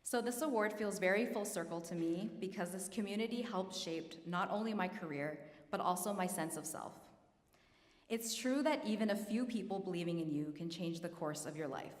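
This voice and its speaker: Lowish woman's voice in an echoey hall. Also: moderate pace. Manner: earnest and self-deprecating, holding back tears. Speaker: award recipient giving acceptance speech. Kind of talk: prepared acceptance speech. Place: large hall at an awards ceremony. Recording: echoey hall, roomy reverb.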